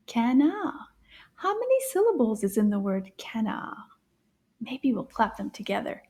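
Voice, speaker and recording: Woman, children's language teacher, breathy and slow, gentle and encouraging. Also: fairly high pitch, animated. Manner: gentle and encouraging, drops often into soft breathy asides.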